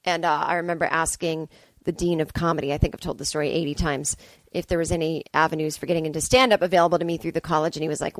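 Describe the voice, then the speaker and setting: A woman in her forties hosting a podcast, telling comic stories in a profane, ranting, animated way. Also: deep voice, quick pace, no echo. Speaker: podcast host. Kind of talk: comedic storytelling monologue. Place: Brooklyn.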